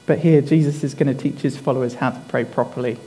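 A man preaching a sermon in a deliberate, emphatic way, repeating his key phrases for weight. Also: medium pitch, steady tone, dark tone, faint music behind, low-quality recording.

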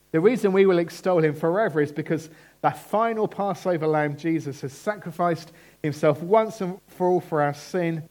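Man preaching a sermon, earnest, emphatic, slightly high pitch, slows on key words. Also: a little mellow.

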